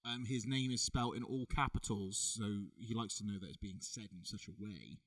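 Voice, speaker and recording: A man's voice: lowish voice, moderate pace, recorded from a distance. Laid-back man in casual podcast banter. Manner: laid-back, teasing, laughs often. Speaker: podcast co-host, wrestler.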